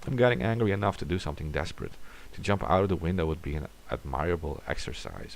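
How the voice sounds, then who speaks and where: A man's voice: very deep voice, expressive, fast, gravelly, few pauses. A man reading a classic horror story aloud in a dramatic way, sometimes dropping to a whisper.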